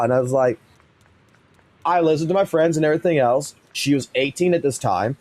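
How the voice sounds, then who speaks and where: A man's voice: a little high, brisk, a little mellow. Blunt, heavily swearing male streamer. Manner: heavy swearing, blunt and heated. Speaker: live streamer. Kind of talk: casual storytelling on stream.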